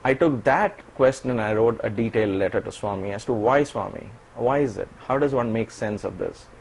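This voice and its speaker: A man being interviewed as a guest, telling a personal story in an animated way and often laughing. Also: fairly low pitch, fairly quick, creaky, slight background noise, poor audio.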